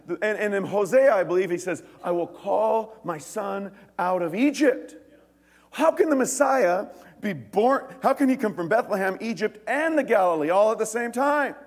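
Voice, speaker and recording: A male pastor delivers a sermon in a casual, animated style, tossing in jokes and asides. His voice sits a little high and swings widely in pitch. The sound carries a long reverb from a large hall. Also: husky. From United States. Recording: echoey hall.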